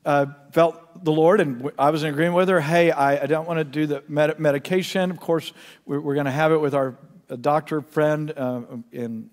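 A middle-aged male pastor preaching a sermon, passionate and storytelling, sometimes dropping to a hushed tone. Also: a little high, fairly even intonation, moderate pace. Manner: impassioned, storytelling, drops to hushed tones. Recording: long reverb of a church hall.

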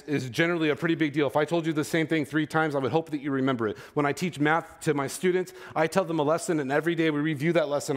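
A man preaching a sermon in a casual, animated way, with frequent filler words and asides to the congregation. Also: on the high side.

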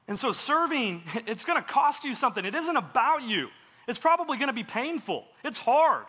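A man's voice: sits high, sharp tone. A man giving a casual, earnest sermon as a pastor, speaking in an easygoing way with many fillers. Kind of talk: conversational sermon. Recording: long hall reverb.

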